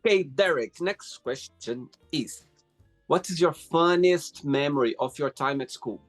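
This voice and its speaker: A male host asking interview questions over a remote call, reacting with quick, expressive exclamations. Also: fairly high pitch, soft background music.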